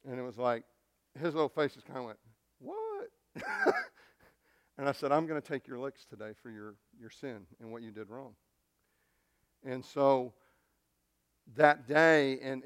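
A man's voice: mid-range voice, clear, resonant tone, no echo, studio quality. A middle-aged male pastor preaching a sermon, telling a family story in an earnest, storytelling way with frequent restarts.

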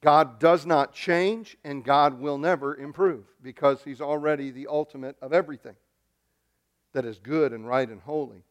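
Excitable male preacher. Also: mid-range voice, moderate pace. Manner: excitable, repeats words, swings from loud emphasis to quiet asides. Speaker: pastor. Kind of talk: sermon.

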